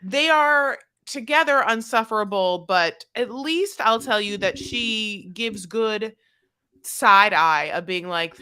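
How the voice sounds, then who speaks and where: Woman podcast host recapping tv, rambly and wry, lots of "like" and "you know", bright voice. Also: medium pitch, lively intonation, normal speed. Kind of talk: casual recap chat.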